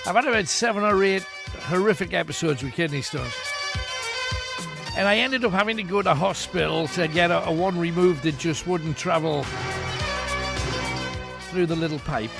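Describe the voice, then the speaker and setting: A chatty, joking man hosts a late-night radio phone-in, his voice pitched high. He coaxes callers along in a loose, friendly patter. Music plays clearly behind him. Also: normal speed, pauses often. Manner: chatty, jokey, coaxing.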